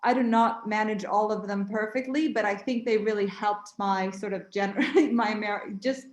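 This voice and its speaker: A woman's voice: mid-range voice, steady tone, normal speed. A woman from Sweden whose first language is Swedish, speaking general American English with a faint Swedish trace, answering an interview with careful, slightly formal pronunciation. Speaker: guest actor. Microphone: video call. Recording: echoey room over a video call.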